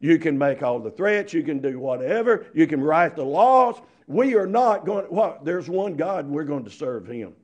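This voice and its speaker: A man's voice: on the high side, expressive, normal speed, hardly any pauses, voice pushed up. A preacher voicing three young men who firmly refuse a king's command. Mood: defiant. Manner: firm, declaring.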